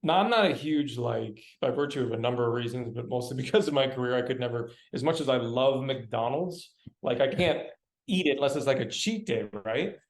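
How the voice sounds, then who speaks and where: A male actor telling travel stories as a guest on a video-call interview, animated and full of slang. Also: mid-range voice, fairly quick, reverberant. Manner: animated, laughing, dude-and-bro slang. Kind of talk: casual storytelling interview.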